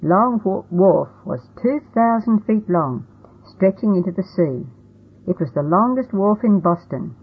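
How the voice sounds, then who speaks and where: A woman narrating a first-person storybook in a plain, steady reading manner. The sound is tinny and phone-like. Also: mid-range voice, measured pace, slightly rough. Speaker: audiobook narrator.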